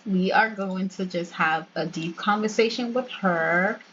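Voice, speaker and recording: A woman's voice: mid-range voice, a little slow, fairly bright tone, muffled recording, slight background noise. A young woman hosting a let's play, chatting and talking straight to her viewers. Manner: chatty, addresses viewers directly. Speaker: gaming channel host.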